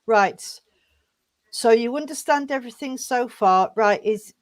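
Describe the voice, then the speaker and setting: A woman medium giving messages during a service, her voice sitting a little high. She speaks haltingly with plenty of fillers and restarts. She calls her listeners sweetheart. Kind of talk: mediumship demonstration.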